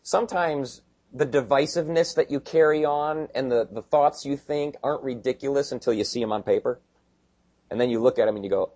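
A middle-aged man preaching a sermon in a conversational, joking way, slipping into quick voices of the people he describes. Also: mid-range voice, darkish tone, slightly rough. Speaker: pastor.

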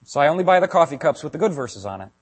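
Husky-voiced pastor preaching animatedly. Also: male voice, on the high side, very fast. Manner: animated, builds to raised emphatic delivery. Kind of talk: sermon.

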